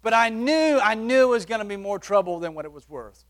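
A man preaching, telling a personal testimony with animated shifts between loud and soft. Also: high voice, fairly quick. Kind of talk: sermon testimony story.

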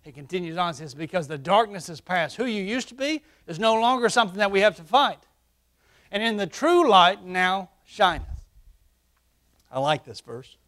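A fervent male pastor with a high-pitched voice preaches a sermon through a face mask. He pushes hard into loud, emphatic peaks, then sinks into quiet, intimate stretches, and the mask slightly covers his words. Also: expressive, fast, few pauses. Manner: swings between loud emphatic peaks and hushed low passages. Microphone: wearing a face mask while preaching.

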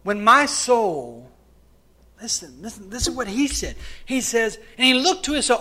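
Fervent bright-voiced preacher. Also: male voice, extremely high pitch, sing-song, measured pace. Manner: swings between loud fervent preaching and quiet hushed passages. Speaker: pastor. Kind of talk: sermon.

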